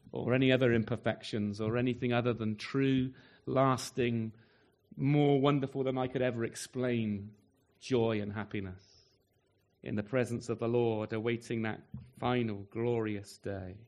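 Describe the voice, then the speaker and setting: A man's voice: steady tone, normal speed. A man preaching a sermon earnestly, asking rhetorical questions and letting his voice rise and fall widely. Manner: earnest, rhetorical questions, wide swings in pitch and loudness.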